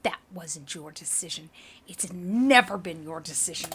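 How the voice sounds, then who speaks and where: Woman reading a bitter elf wizard guy, clipped and tense, bright voice. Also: lowish voice, expressive, unhurried. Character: proud, tormented young elf wizard man. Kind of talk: reading a game aloud.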